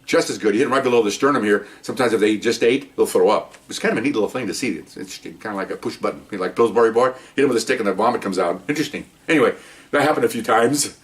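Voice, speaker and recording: A man's voice: fairly low pitch, racing, recorded from a distance. A man, a retired police officer, telling cop stories in a casual monologue, acting out what people said and chuckling along. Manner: animated storytelling, acting out quotes, chuckling.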